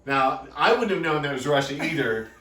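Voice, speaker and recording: A man's voice: on the high side, normal speed. A man in his forties co-hosting a home cooking show, chatting casually and joking. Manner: joking, animated. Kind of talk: casual chat. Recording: echoey room, mic at a distance.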